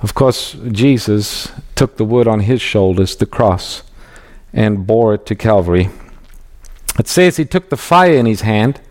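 A man giving an expository Bible teaching in a measured, emphatic way, reading scripture aloud as he goes. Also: lowish voice, animated, a little mellow.

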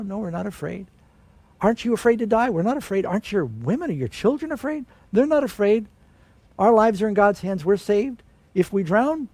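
A man's voice: a little high, darkish tone, no room sound. A man preaching a sermon, telling stories dramatically and acting out the voices of the people in them. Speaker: pastor.

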